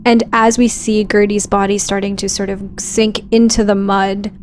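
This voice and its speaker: A woman narrating her character's actions in a tabletop game, slow and descriptive with some hesitation. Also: mid-range voice, level tone, a little hiss or hum. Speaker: player.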